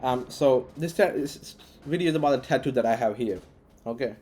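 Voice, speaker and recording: A man's voice: medium pitch, brisk, a little mellow, a little hiss or hum. A man vlogging, telling a personal story casually with many restarts and fillers. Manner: rambling, frequent restarts and fillers.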